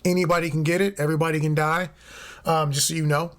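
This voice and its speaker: A man co-hosting a movie review show, chatting in a casual, jokey, animated way. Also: fairly high pitch, fast. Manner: animated, jokey, tries out impressions. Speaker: movie review podcast co-host. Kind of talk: casual chat.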